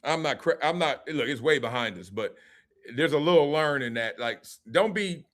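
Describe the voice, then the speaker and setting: A man hosting a live-streamed sports and culture talk show, reacting to a clip in an animated, slangy way and laughing often. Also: on the high side, normal speed. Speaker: host.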